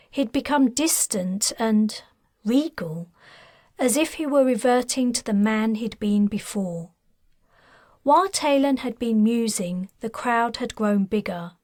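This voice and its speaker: A woman, the author, narrating her own science fiction novel in a steady, measured storytelling voice. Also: a little high, no echo, clean studio sound. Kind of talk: scripted audiobook narration.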